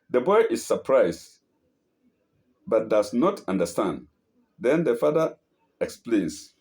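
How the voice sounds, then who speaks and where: A man hosting a show, reading inspirational pieces aloud slowly, repeating phrases, calling out punctuation and adding delighted asides. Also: medium pitch, dark tone. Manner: delighted asides, chuckles at the text.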